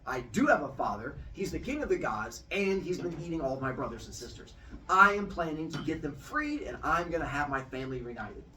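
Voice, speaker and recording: A man voicing a hotheaded young male god, excitable and boastful. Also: on the high side, brisk, distant mic, poor audio. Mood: brash.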